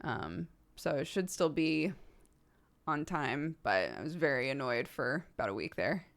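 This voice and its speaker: A young woman streams in casual, chatty talk, her voice sitting a touch low. She is animated and self-deprecating, laughing easily and slipping into little theatrical performances. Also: unhurried. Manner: theatrical, acts out quotes. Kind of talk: casual chat.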